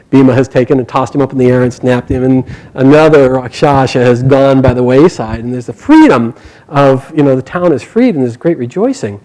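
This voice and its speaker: A man telling a myth aloud to a live group, animated and chuckling along with the story. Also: mid-range voice, low-quality recording.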